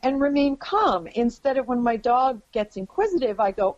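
A woman's voice: a little high, lively intonation, normal speed, a little mellow. A woman speaking as a guest expert in a podcast interview, explaining earnestly and emphatically and often checking that the listener follows. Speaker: guest expert on dogs and families. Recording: dull lo-fi audio.

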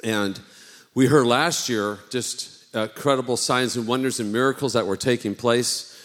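A man's voice: mid-range voice, a little slow, fairly bright tone. A man, the host pastor, introducing a guest with many fillers and restarts, full of enthusiasm. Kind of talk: sermon introduction. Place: church sanctuary. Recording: long reverb of a large hall.

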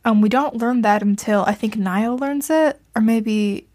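A woman's voice: fairly high pitch, normal speed, darkish tone. A young woman chatting casually into a home mic, rambling and self-deprecating, with lots of fillers and laughs. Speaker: podcast host reviewing fan fiction. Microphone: home mic she adjusts herself.

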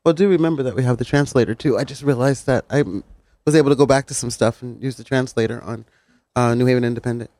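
A man's voice: medium pitch, fast, warm tone, dry recording. A man co-hosting a live talk radio show, chiming in with short remarks and reading details off his phone. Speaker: radio co-host.

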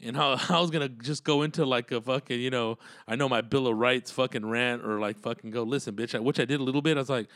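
A man's voice: medium pitch, fast talker, few pauses, fairly bright tone, dry recording, clean studio sound. A man telling road stories in a casual, profane, rambling monologue and laughing often.

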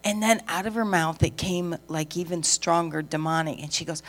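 A middle-aged woman, a pastor's wife and preacher, tells a story from the pulpit in a lively way, acting out the dialogue. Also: fairly low pitch, moderate pace, hardly any pauses. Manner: lively storyteller who acts out the dialogue and laughs. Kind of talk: sermon testimony.

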